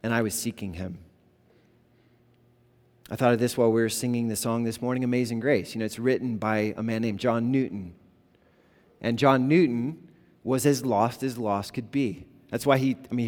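The sermon sounds like it's in a big room: a pastor in his thirties, medium-pitched and a little mellow, chats through stories conversationally. He peppers them with lots of fillers such as "like" and "you know."

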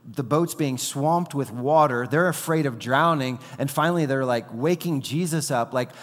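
Preacher in a reverberant hall. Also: male voice, medium pitch, normal speed, few pauses. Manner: animated storytelling, acting out quoted lines. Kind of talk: sermon.

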